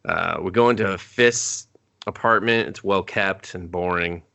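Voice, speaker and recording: A man's voice: low voice, measured pace, gravelly, sharp tone. A man co-hosting a movie review podcast in casual chat, cursing freely as he acts out scenes.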